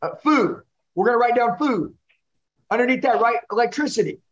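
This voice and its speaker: Male sales trainer, high-pitched, intense drill-style coaching, muffled recording. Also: lively intonation, moderate pace. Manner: intense, coaching, repeats the listener's name. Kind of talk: live sales training role-play.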